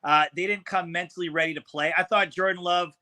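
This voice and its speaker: A man's voice: sits high, fairly even intonation, a little fast, bright, forceful tone. A man co-hosting a sports podcast, giving blunt, opinionated takes on a football game. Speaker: podcast co-host. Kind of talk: sports talk analysis.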